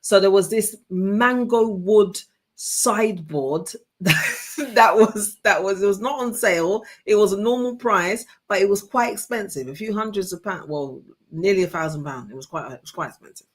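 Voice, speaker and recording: A woman in her forties, co-hosting a chat show with her husband, telling an animated story and acting out what people said. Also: medium pitch, moderate pace, husky. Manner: animated storyteller, acts out quotes. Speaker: co-host, pastor's wife.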